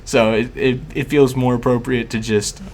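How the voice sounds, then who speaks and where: A man's voice: mid-range voice, level tone, normal speed, darkish tone, a little hiss or hum. A man hosting a podcast in casual chat, chatty, laughing often and filling with "like". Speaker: podcast host.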